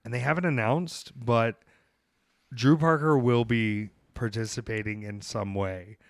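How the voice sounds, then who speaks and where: Animated rambling podcast host. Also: male voice, mid-range voice, a little slow, no room sound, studio quality. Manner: rambling, animated storytelling, swearing. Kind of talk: casual podcast chat.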